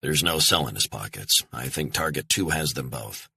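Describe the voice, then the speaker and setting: Man reading cool american operative, clipped and calm, low husky tone, thriller audiobook. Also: moderate pace, full character voice. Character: calm cold male covert operative.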